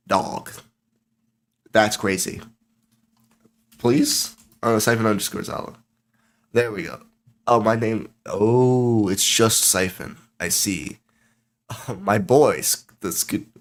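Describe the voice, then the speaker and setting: A young man streaming late at night, rambling and joking with himself in a tired, low voice that keeps getting sidetracked. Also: slow pace, long pauses. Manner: rambling, self-mocking, easily sidetracked. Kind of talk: casual solo stream chat.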